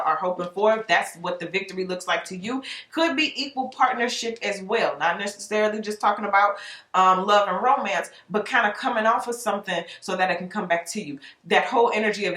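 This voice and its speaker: A woman reads tarot in a loose, conversational way, breaking off to act out small scenes for her viewers. Her voice sits at an ordinary middle pitch. The room around her is noticeably echoey. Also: fairly bright tone. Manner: chatty, explains with acted-out examples. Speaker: tarot reader. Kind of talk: casual tarot reading monologue.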